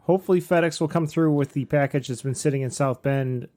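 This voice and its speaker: A man's voice: a little high, a little fast, darkish tone. A middle-aged man hosting a casual podcast, rambling and joking with lots of fillers. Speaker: podcast host.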